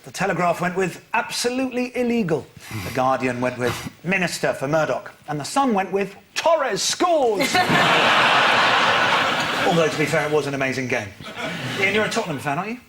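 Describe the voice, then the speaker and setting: A man's voice: sits high, very animated, normal speed, noisy background. Wry male panel show host. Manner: dry, wry delivery of scripted jokes. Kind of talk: comic panel show hosting. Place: TV studio with live audience.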